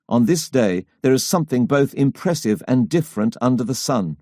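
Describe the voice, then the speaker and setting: A man narrates a history audiobook in a measured, dramatic reading. His voice sits at a middle pitch. The sound is dry and close to the mic. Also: lively intonation, dark tone, no echo. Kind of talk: scripted narration.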